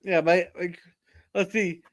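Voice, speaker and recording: Canadian guy running a live chat, high voice, jokey, reads out comments. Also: flat delivery, slow, no echo. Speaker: host reading chat. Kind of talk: casual live-stream chat.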